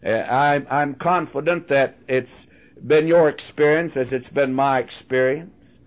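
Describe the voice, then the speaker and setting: A man's voice: medium pitch, a little slow. An older man preaching a sermon in a folksy, earnest way, drawing on homely illustrations and addressing listeners as friends. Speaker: radio Bible teacher. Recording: dull lo-fi recording.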